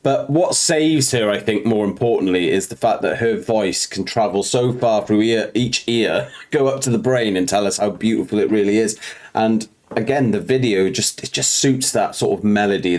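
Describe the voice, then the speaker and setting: Man, fairly deep voice, thoughtful, rambling, casual reaction chat. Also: moderate pace, darkish tone. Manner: thoughtful, rambling, many fillers. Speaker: reaction video co-host.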